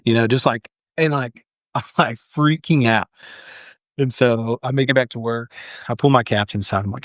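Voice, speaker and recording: A man's voice: medium pitch, normal speed, dry recording, clean studio sound. A young man telling a personal story as a firefighter guest on a podcast, earnest and full of "like" fillers. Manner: earnest, frequent "like" fillers and restarts. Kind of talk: candid storytelling in a podcast interview.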